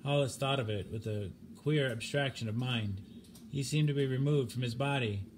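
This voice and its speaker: A man's voice: mid-range voice, noisy background. Grave man reading a story. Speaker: narrator. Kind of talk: audiobook reading of a short story.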